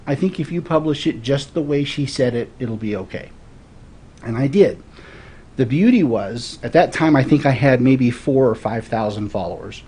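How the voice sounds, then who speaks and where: Guest storyteller, man, forties, earnest and reflective, middle pitch. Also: dark tone, husky. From Florida. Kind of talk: casual interview storytelling.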